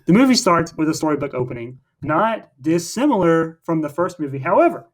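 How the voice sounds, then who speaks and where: A man's voice: a little high, big pitch swings, brisk. A man co-hosting a casual film podcast, recapping the plot in a rambling way with many fillers and restarts. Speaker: podcast co-host.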